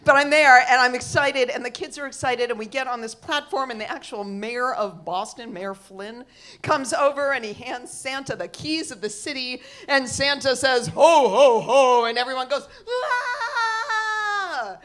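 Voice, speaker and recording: Animated woman telling a story. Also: high-pitched, moderate pace. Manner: animated, quotes others with big shifts. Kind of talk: live storytelling.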